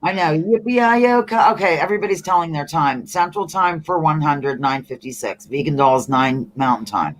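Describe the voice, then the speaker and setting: A woman from the eastern US hosting a casual livestream, reading chat comments aloud in an animated, laughing way. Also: sits low, normal speed, few pauses. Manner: animated, laughing, reads comments in playful voices. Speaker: livestream host.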